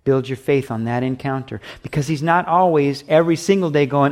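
A man's voice: medium pitch, fairly even intonation, a little fast, hardly any pauses. A man preaching a sermon as pastor, emphatic and repetitive, with acted asides.

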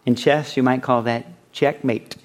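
Male pastor, mid pitch, relaxed conversational sermon delivery. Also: unhurried. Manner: conversational, acts out quoted voices; reads scripture aloud.

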